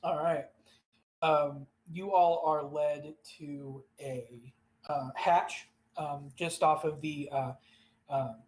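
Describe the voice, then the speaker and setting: A game master narrating a live-streamed tabletop game, reading room descriptions unhurriedly and pausing often. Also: mid-range voice, poor audio.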